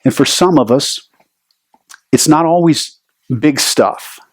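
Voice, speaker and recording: Male pastor, slightly high voice, dry close sound, conversational sermon delivery. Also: lively intonation, slow pace, slightly rough, dry recording. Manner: conversational preaching with asides. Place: church sanctuary.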